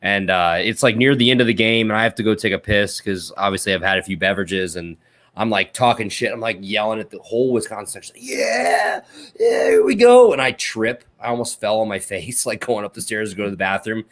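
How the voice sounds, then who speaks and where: A man's voice: on the low side, fairly even intonation, fast talker, a bit bright. A man hosting a podcast, chatting casually and telling a joking story about a college football game. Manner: laid-back, joking storyteller. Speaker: podcast host.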